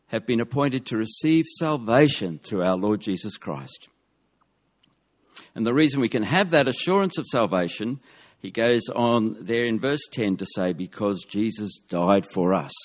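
A man preaching a sermon, measured and emphatic, dropping his voice on key words. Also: on the low side.

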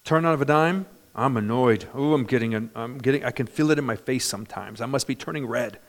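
A man's voice: mid-range voice, fairly quick. A man in his fifties preaching a sermon in an emphatic, conversational way, often asking his congregation for an amen. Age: 50s. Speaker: pastor.

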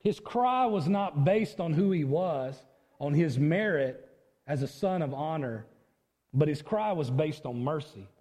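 A male pastor preaching a sermon, with emphatic delivery and sudden high outcries as he acts out a plea. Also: animated, measured pace, darkish tone, in a large hall.

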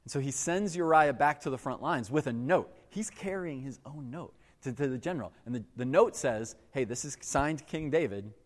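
A man's voice: medium pitch, expressive, normal speed, hardly any pauses. A man preaching a sermon, retelling a story in a casual, conversational way and slipping into quoted voices. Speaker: pastor. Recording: echoey hall with long reverb.

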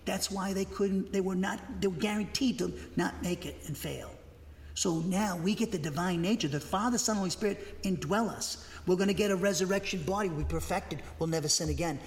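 Older man preaching, gravelly, echoing hall. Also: high-pitched, brisk. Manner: rambling, folksy storytelling with bursts of emphasis. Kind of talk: sermon. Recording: long hall reverb.

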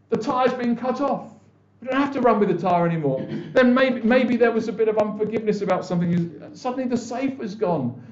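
A man's voice: high-pitched, a little mellow. A man preaching a conversational sermon as pastor, often restarting and acting out what people say. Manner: conversational, with many restarts and quoted voices. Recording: echoey, dull church recording.

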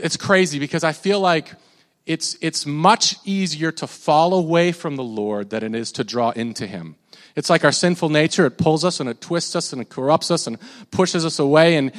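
Guy preaching in a church hall, kinda high voice, long echo, repeats words a lot. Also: a bit bright. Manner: conversational preaching, repeats words, shifts into prayer. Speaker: pastor. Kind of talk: sermon.

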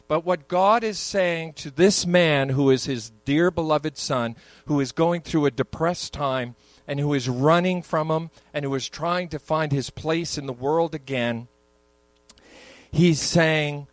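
A man's voice: on the high side, measured pace, no echo, low-quality recording. An older man, a pastor, preaching a sermon in a church, moving between conversational asides and emphatic peaks. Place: church sanctuary.

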